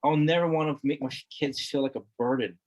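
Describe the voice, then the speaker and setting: A man's voice: fairly high pitch, a little fast, a little mellow, muffled recording. A middle-aged man from Hawaii, a guest talking earnestly in a casual conversation, repeating words for emphasis. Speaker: interview guest.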